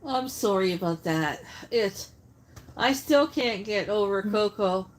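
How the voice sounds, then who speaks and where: A woman's voice: medium pitch, animated, slow, a little hiss or hum. A woman hosting a casual cooking livestream, chatting and answering viewer comments as she works. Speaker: livestream host. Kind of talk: casual live-stream chat while cooking.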